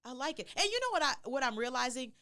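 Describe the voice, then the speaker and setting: A woman who works as an emcee and in radio, a guest chatting casually and affirming the host, with lively jumps in pitch. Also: fast talker. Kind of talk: casual chat.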